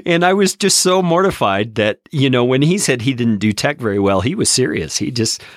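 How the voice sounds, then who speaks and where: A man, a podcast host, telling stories in a relaxed, reflective casual chat. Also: medium pitch, normal speed, no echo, clean studio sound.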